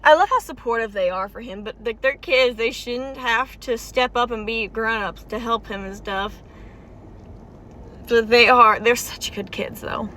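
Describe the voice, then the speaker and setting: A woman's voice: on the high side, fairly bright tone, slight background noise. A woman reacting to a game's story in casual, emotional vlog commentary, chatty and full of "like" fillers. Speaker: game story reaction vlogger.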